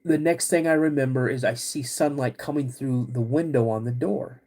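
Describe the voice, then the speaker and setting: A podcast host telling a personal story in a halting, casual way, with many restarts. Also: male voice, mid-range voice, a little mellow.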